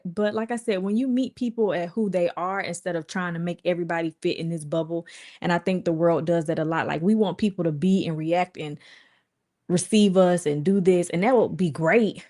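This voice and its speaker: A woman's voice: on the low side, a little fast. A woman vlogger talking casually and candidly to her viewers, rambling with asides and acting out quoted voices. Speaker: vlogger and livestream host.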